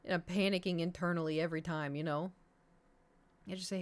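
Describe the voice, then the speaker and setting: A woman's voice: lowish voice, steady tone, fairly quick. A woman streamer chatting casually with her viewers, rambling and poking fun at herself. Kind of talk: casual live-stream chat.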